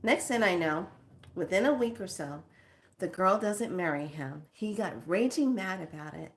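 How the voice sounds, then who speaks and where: A woman and spiritual teacher telling a story in casual, animated, slangy talk. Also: on the low side, normal speed. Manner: animated, slangy, acts out voices.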